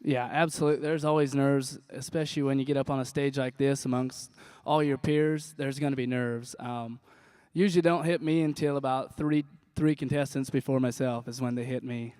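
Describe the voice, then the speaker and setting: Young missouri guy chatting in an interview, smooth voice, dry sound. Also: medium pitch, steady tone, normal speed, darkish tone, dry recording. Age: young adult. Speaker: auctioneer contestant. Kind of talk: casual interview answers.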